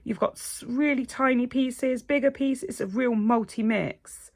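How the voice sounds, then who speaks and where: A middle-aged woman, chatting casually as a nail technician. She gushes and gets excited, and sometimes drops to a breathy whisper. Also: on the high side, measured pace, hardly any pauses. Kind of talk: casual unboxing chat.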